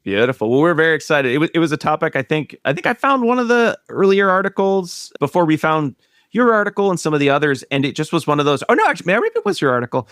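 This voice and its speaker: A man hosting a podcast, his voice a little higher than most men's. He jokes along casually, rambling a bit with restarts. The sound is close and dry, with no room echo. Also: sing-song, fast talker, a bit bright, clean tone. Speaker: podcast host.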